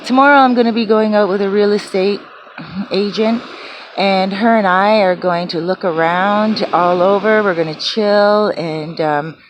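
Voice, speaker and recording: A woman's voice: mid-range voice, measured pace, noisy background. A woman vlogging from her small apartment, telling a rambling story full of fillers and restarts. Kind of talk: casual chatty storytelling.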